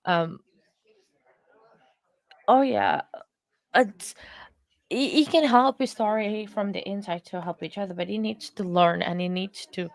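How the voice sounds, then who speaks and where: A woman hosting a live stream, chatting with viewers in an earnest, emotional way, halting with many fillers and restarts. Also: medium pitch, dry recording. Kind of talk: casual chat with live viewers about a court case.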